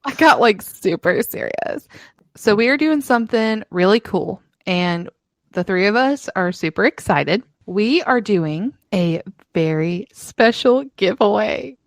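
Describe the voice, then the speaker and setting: A woman's voice: mid-range voice, expressive, a little slow, no echo. A woman with a Southern US accent co-hosting a podcast, chatty and giggly. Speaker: podcast co-host. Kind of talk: casual chat.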